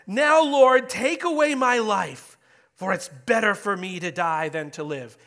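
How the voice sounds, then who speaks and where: A man's voice: sits high, lively intonation, measured pace, sharp tone, voice pushed up, heavily acted. A man voicing a whiny, angry male prophet who complains to God in self-pitying pleas. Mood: whiny despairing. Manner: aggrieved, self-pitying pleading.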